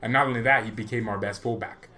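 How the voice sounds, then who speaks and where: A young man hosting a fan channel, giving a casual, opinionated match reaction that rambles with restarts and excited bursts. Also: medium pitch, fast. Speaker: football fan channel host.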